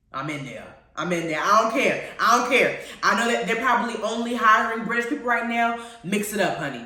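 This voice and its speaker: A radio show host, a woman with a slightly high voice, chats casually about TV shows, speaking briskly with few pauses. She's animated and playful, laughing often, and the recording is very echoey with her far from the mic.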